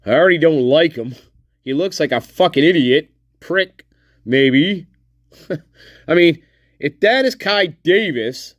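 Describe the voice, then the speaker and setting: A man hosting a casual livestream who jokes, swears freely and laughs often. His voice sits high and swings widely in pitch. The sound is close and dry. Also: no room sound. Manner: profane, joking, laughs often. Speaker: livestream host. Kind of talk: casual reaction commentary.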